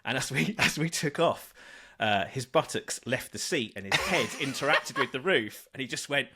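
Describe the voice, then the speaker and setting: A man's voice: medium pitch, expressive, moderate pace, noisy background. A man guesting on a podcast, telling an anecdote animatedly with fillers and laughs. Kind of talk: casual chat, storytelling.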